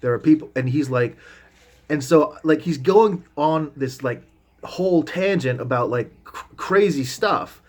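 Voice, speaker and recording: A man's voice: on the high side, animated, unhurried. A man vlogging as he tells a rambling story in a loose, casual way, full of restarts and asides, with the odd swear word.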